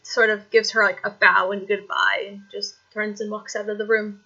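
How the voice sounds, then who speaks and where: A woman's voice: mid-range voice, level tone, moderate pace, sharp tone, lo-fi sound. A woman narrating a tabletop game as dungeon master, rambling through descriptions with many fillers.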